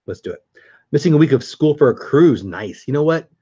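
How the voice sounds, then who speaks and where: A man's voice: mid-range voice, expressive, fairly quick, mellow, slightly rough, muffled recording. A middle-aged man hosting a casual live stream, chatting upbeat with viewers and answering their comments.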